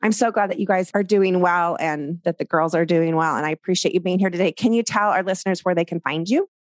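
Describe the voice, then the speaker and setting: A woman's voice: lowish voice, fast, dry recording, clean studio sound. A middle-aged woman hosting a podcast, chatty and snarky, often acting out both sides of a conversation. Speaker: podcast host. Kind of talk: casual podcast interview.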